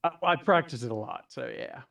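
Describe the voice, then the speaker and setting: A man telling a joke in a casual chat with friends, relaxed and quick to laugh. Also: medium pitch, creaky, recorded from a distance.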